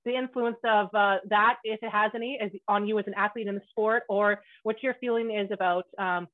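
A woman with a Scottish accent hosting a casual interview, loud and brash, laughing and swearing freely. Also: medium pitch, steady tone, fairly quick. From Scotland. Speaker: podcast host. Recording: tinny phone-like line.

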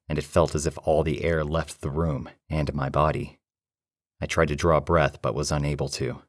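A man narrating a first-person horror story in a low, steady, measured way. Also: no echo, studio quality.

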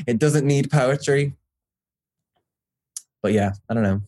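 A man's voice: on the low side, moderate pace, pauses often, darkish tone, dry recording, studio quality. A young man with a Scouse accent, a poet chatting in a casual interview, rambling and restarting, swearing now and then. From Liverpool, England. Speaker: poet, guest.

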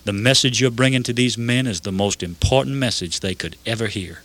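A man voicing a stern but caring prison captain with a Georgian accent, speaking firmly and slowly. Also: medium pitch, fairly bright tone, natural voice.

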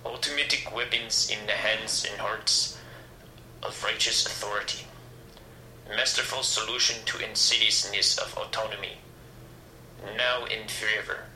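A man's voice: lowish voice, fairly even intonation, measured pace, sharp tone, roomy sound, slight background noise, low-quality recording. A man voicing a grandiose male tyrant who speaks with haughty, florid scorn for the common people.

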